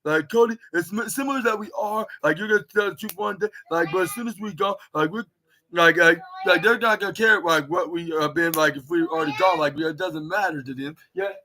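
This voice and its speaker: Bright-voiced rambling male podcaster. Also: high voice, fairly quick. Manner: rambling, heavy on filler words and restarts. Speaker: podcast host. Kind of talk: casual solo wrestling recap.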